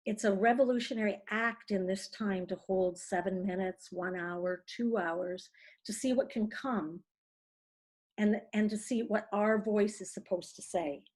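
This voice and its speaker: A woman's voice: mid-range voice, measured pace. A woman teaching a writing class over a video call, chatty and encouraging, rambling a little as she talks. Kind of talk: casual online writing class.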